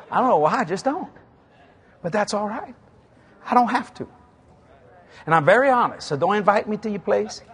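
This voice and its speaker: A man's voice: high-pitched, normal speed, pauses often, slightly rough. A man in his sixties with a Cajun South Louisiana accent, telling humorous stories in a sermon and acting out both sides of conversations. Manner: animated, acts out both sides of dialogues, chuckling asides. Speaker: preacher.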